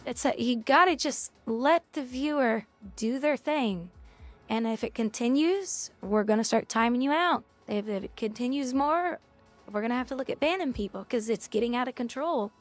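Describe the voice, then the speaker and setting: A woman's voice: on the high side, expressive, moderate pace, soft background music. A woman game streamer talking casually to her chat, bluntly scolding viewers and swearing now and then.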